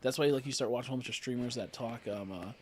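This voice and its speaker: A man's voice: mid-range voice, racing, slight background noise. A man streaming a game, chatting casually and rambling with lots of filler words while joking with his chat.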